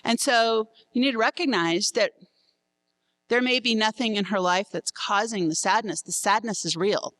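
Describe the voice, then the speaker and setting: A middle-aged woman giving a candid talk to married couples, frank and quick to laugh at herself. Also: mid-range voice, a bit bright, rough recording. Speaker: seminar speaker.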